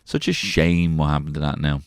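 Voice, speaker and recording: Very deep, gravelly man, dry. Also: moderate pace, no echo. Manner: swearing, self-mocking, jumps between put-on voices. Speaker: comedian podcast host. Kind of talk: rambling comic storytelling. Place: small garden shed.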